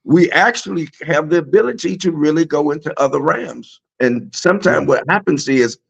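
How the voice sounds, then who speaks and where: A man's voice: fairly high pitch, lively intonation, normal speed, gravelly, breathy edge. A man guest on a podcast, talking reflectively about spiritual matters with frequent "you know". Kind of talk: casual chat. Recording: dull lo-fi sound.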